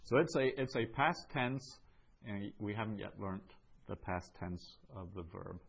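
A man teaching a Greek class, going over answers in a slow, measured way with many ums and uhs. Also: on the low side, fairly even intonation, vocal fry, husky, muffled recording.

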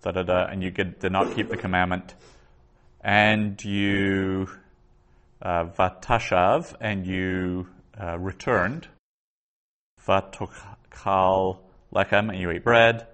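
A man teaching a Biblical Hebrew class, reading verses aloud slowly and then patiently explaining the grammar. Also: sits low, fairly even intonation, a bit bright. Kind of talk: slow explanatory lesson.

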